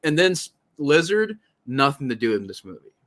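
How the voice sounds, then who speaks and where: A man hosting a podcast in casual movie talk, animated and profane, often acting out lines he quotes. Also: a little high, normal speed. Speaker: podcast host.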